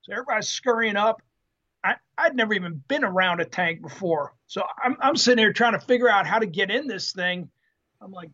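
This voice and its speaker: A former Marine telling an animated story in an interview, acting out the quotes with salty language. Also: male voice, high-pitched, fairly quick, dull audio. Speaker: guest, former Marine tank driver.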